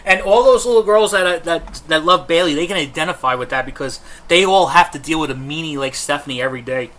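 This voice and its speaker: A man's voice: fairly high pitch, quick pace, fairly bright tone. A man co-hosting a casual wrestling podcast, rambling through details and tangents. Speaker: podcast co-host.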